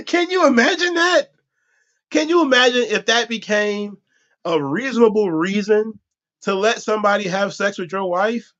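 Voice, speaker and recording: A man's voice: sits high, lively intonation, moderate pace, a bit bright. A man hosting a podcast in a profane comedic rant, laughing often and acting out voices, on dull lo-fi audio. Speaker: podcast host.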